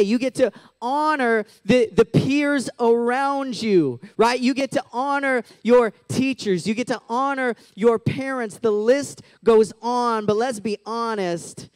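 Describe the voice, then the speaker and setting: A man's voice: extremely high pitch, no echo. A man in his thirties giving a casual, chatty sermon as a youth pastor, full of "like" and "right?", on a close mic.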